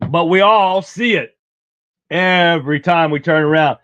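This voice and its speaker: Man, livestream host, blunt and folksy, fairly high voice, dull dry lo-fi sound. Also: a little slow, sharp tone, no echo. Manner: folksy, blunt, clears throat often. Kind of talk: casual political commentary.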